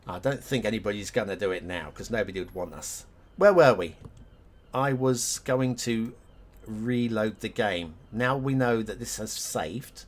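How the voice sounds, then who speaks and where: Guy streaming a game live, slow easygoing talk, lots of ups and downs in pitch, chuckles a lot, not a native english speaker. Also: lively intonation. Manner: chatty, laughing, thinks aloud to chat.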